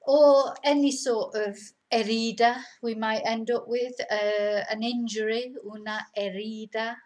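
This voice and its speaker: A woman's voice: on the high side, steady tone, unhurried. A woman teaching vocabulary to camera, patiently explaining each word in two languages.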